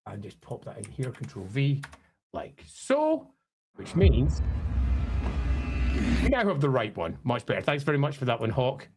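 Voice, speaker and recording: Lively, rambling man on a stream. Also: medium pitch, measured pace, long pauses, noisy background. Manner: rambling, friendly, with frequent ums and asides. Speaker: streamer reacting to a trailer. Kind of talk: casual live-stream commentary.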